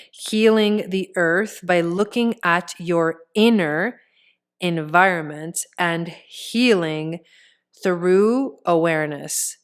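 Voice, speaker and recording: A woman's voice: fairly low pitch, clean tone. A woman giving a casual tarot reading, talking straight to the viewer in a chatty way with many filler words. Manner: speaks straight to the viewer as "you". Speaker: tarot reader and astrologer.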